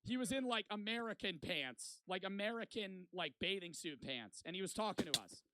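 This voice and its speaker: A man's voice: high voice, expressive, moderate pace, noisy background. A man in his twenties telling a rambling, profane story in casual vlog style. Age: 20s. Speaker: vlogger.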